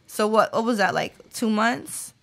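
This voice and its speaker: A woman's voice: a little high, measured pace, vocal fry, fairly bright tone. A woman in her late twenties, a guest author and poet, talking earnestly in an interview and reading her spoken-word poetry. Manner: earnest and reflective, frequent fillers.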